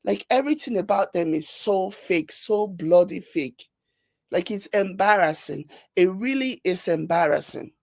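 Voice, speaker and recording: A woman with a Nigerian accent hosting a casual commentary show, reading viewer comments and mocking them with animated, repetitive emphasis. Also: fairly low pitch, dry recording. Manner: animated, laughing, mocking, repeats herself for emphasis. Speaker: commentary channel host.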